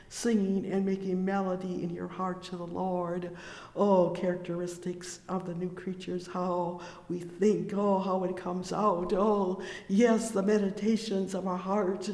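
A fervent preacher delivers a slow, measured sermon in a fairly even, steady tone. Between scripture readings comes a constant stream of heartfelt exclamations of praise. The voice rings out in a large, reverberant hall. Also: medium pitch. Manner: fervent, interjects "oh, yes" and "praise the Lord" between verses.

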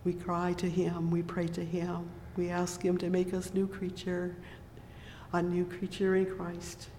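A preacher talks through a sermon at an unhurried pace, reading verses in old scripture wording. The delivery stays level, with little rise and fall. The voice rings out in a roomy hall with a long echo. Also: medium pitch, completely flat delivery, warm tone, slight background noise. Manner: punctuates with "oh, yes" and "praise the Lord"; reads scripture in King James wording.

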